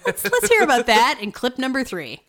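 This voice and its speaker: A woman's voice: a little high, wildly swooping pitch, brisk, fairly bright tone. A woman co-hosting a podcast, casually recapping a TV episode with frequent laughs and wry asides. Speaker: podcast co-host.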